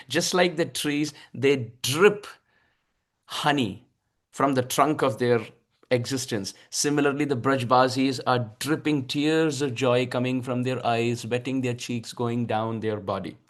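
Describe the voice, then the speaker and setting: A man giving a devotional scripture discourse, expressive and drawn out, with frequent soft laughs. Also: medium pitch, a little slow. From India. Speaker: spiritual speaker.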